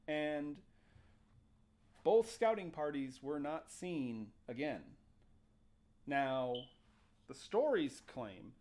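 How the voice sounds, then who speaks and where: Male podcast host, animated joking storyteller, a touch high-pitched. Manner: animated, jokey, acts out quotes. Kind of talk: casual storytelling chat.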